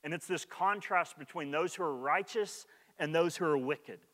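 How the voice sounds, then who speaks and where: A man preaching a sermon in a conversational way, often restarting his sentences and growing more animated as he goes. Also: on the high side, normal speed, big-room sound. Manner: conversational preaching with many restarts and "like", rising in energy. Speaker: pastor.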